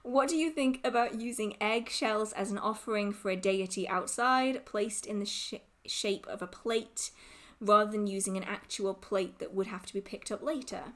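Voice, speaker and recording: A woman's voice: mid-range voice, moderate pace, a bit bright. A woman hosting a casual livestream Q&A, reading out viewer questions and answering them in a giggly, rambling, emotional way.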